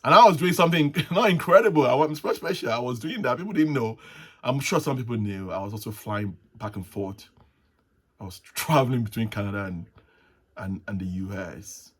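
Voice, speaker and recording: A man hosting a casual solo talk show, rambling and halting, with frequent restarts and soft chuckles. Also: medium pitch, lively intonation, breathy edge. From Nigeria. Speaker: host. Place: at home, with tea.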